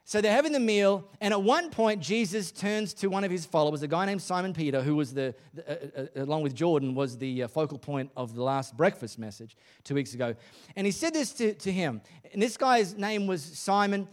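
A male pastor preaching a sermon at a church service in a casual, joking, conversational way. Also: on the high side.

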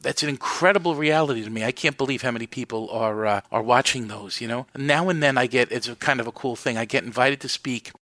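Fast, bright New York priest. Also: male voice, mid-range voice, no echo. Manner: animated storyteller with self-deprecating humor. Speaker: priest running a Catholic media network. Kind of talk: casual interview talk.

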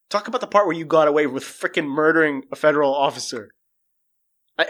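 Guy streaming, ranting all loud and sweary, voice kinda high, jumps way up when he's worked up. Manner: animated, profane, swings pitch widely when exasperated. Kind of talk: casual livestream rant.

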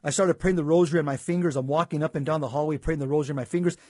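Earnest man with a high voice. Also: fairly even intonation, very fast, a little mellow, no room sound, clean studio sound. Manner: earnest storytelling with repeats and stumbles. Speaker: guest. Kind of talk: personal testimony in conversation.

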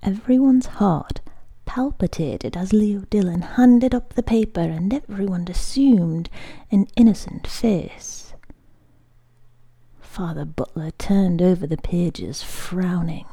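Casting: female bedtime story reader, slow and soft, half-whispered, gravelly. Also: lowish voice. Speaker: podcast host and reader.

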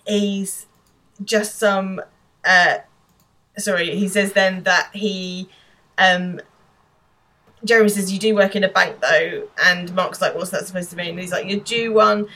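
A British woman co-hosting a podcast, casually recapping a TV episode with animated quoted lines and laughter. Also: fairly low pitch, a little slow, long pauses, poor audio. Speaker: podcast co-host.

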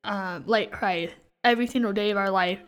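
A woman's voice: mid-range voice, moderate pace, smooth. A young woman co-hosting a casual Bible study chat, talking in a loose way with fillers and easy laughs. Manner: chatty, many fillers, laughs easily. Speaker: podcast co-host.

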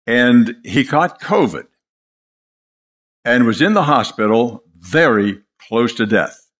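An older man preaching a sermon, impassioned and dramatic, telling stories with pauses for effect. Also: medium pitch, big pitch swings, a bit bright.

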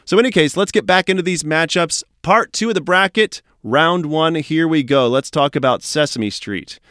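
A man's voice: a little high, normal speed, a bit bright, no room sound, clean studio sound. A man hosting a podcast, chatting casually in a rambling, upbeat way. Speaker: podcast host.

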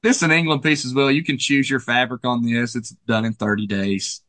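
A man co-owning a furniture store, casually walking through the showroom and describing pieces in a relaxed, friendly sales manner. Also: mid-range voice, a little fast, dry recording.

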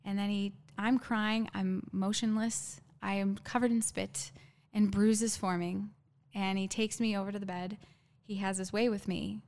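A woman guest telling a painful personal story in a halting, earnest way, with many fillers and restarts. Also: mid-range voice, level tone, darkish tone.

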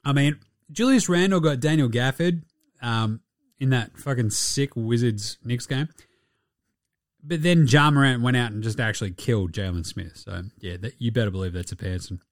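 A young Australian man talks through a casual solo sports podcast in a mid-pitched voice, swearing freely and breaking into laughs between animated asides. The recording is dry and close, with no room sound. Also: normal speed, dry recording. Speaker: podcast host.

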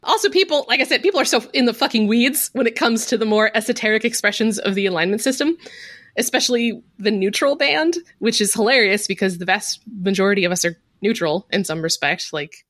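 A woman's voice: fairly high pitch, a little fast, dry recording. Blunt, swearing woman podcast co-host. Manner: blunt, swears freely, animated. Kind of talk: casual podcast chat.

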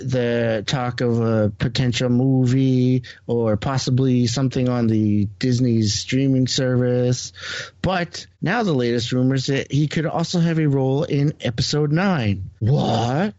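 A French-Canadian man hosts a casual podcast and reads the news aloud, tripping over names and chuckling between lines. His voice sits at a middle pitch. The sound is dry and slightly muffled. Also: a little mellow, no room sound. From Quebec. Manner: laughs often, reads an article aloud with stumbles. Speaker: podcast host.

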